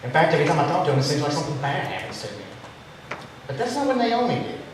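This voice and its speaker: In an echoey, distant recording with faint room noise, a male pastor preaches in a church sanctuary. His fairly high voice is sing-song and rapid-fire as he spins a story with a joking twist.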